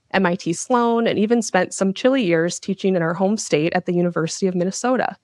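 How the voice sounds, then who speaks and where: A woman's voice: medium pitch, dry recording, studio quality. A woman hosting a marketing podcast, reading a polished intro and asking questions. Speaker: podcast host. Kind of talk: scripted podcast host intro and interview.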